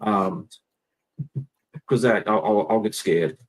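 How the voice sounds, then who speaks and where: A man's voice: lowish voice, slow pace, low-quality recording. A man appearing as a guest in a casual chat, speaking in an earnest, mild way and often repeating himself.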